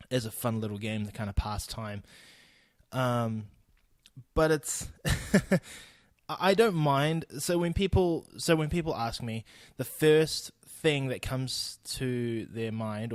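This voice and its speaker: A young man from New Zealand with his accent, chatting bluntly through a solo podcast, laughing easily and swearing without a second thought. His voice sits at an ordinary middle pitch. The sound is close and dry, with no room around it. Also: dry recording. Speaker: podcast host. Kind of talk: casual solo podcast monologue.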